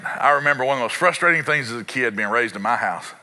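A middle-aged man, preaching a sermon in a church, playful and animated, with sung and acted-out bits. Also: medium pitch, quick pace. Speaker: pastor. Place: church sanctuary.

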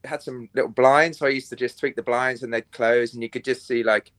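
Bright-toned crude man telling stories. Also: medium pitch, steady tone, brisk, no echo. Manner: crude, rambling storyteller with lots of fillers. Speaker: podcast guest. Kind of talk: casual chat.

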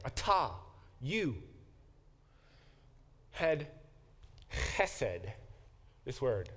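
In a fairly high voice, a male professor of biblical studies lectures to a class, stopping to explain Hebrew terms and performing quoted lines dramatically.

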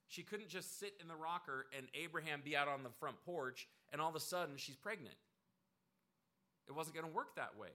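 Man, pastor, sermon, conversational, emphatic, bright sharp tone. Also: a little high.

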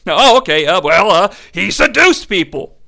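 Man playing a scheming priest, wheedling, hesitant, higher and brighter. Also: big pitch swings, normal speed, gravelly, full character voice. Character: fawning scheming high priest, male, middle-aged.

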